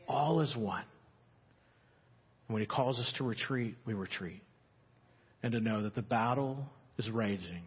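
A man preaching a sermon as pastor, building to fervent peaks and dropping low and quiet. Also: husky. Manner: builds to fervent rising climaxes, then drops low and quiet. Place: church sanctuary. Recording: dull, reverberant church sermon recording.

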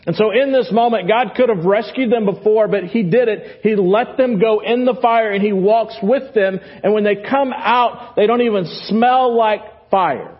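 A man with a Texan accent preaching a sermon as pastor, animated and then dropping to quiet emphasis. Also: sits high, normal speed, few pauses, husky, muffled recording. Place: church sanctuary.

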